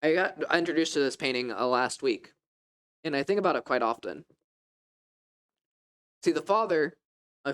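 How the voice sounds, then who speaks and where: A young adult student preaching a sermon in a classroom, telling the story in a casual, conversational way with fillers. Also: medium pitch.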